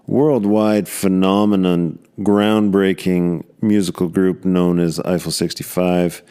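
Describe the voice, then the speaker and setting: A man's voice: low voice, a little mellow, smooth. A man hosting a podcast in a casual, joking way, rambling loosely and dropping bits of slang. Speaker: podcast host.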